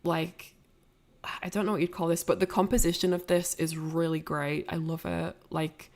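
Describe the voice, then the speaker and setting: A woman's voice: on the low side, gravelly, a little mellow. A woman giving a casual, rambling film commentary, full of fillers and restarts. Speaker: streamer analysing a film.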